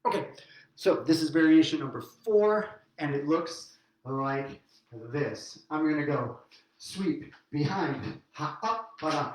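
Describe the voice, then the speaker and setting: A man's voice: on the high side, expressive, slow pace, noisy background. A middle-aged man teaching a swing dance lesson online, counting steps aloud while he dances, upbeat. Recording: very echoey room.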